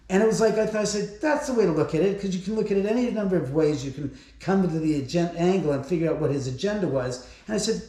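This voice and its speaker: Man with a slightly high voice, house owner telling ghost stories, loose and profane, very echoey room. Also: expressive, quick pace, warm tone. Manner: rambling, profane, chuckling between stories. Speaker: house owner giving a haunted tour. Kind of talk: casual storytelling. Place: bedroom of a large house.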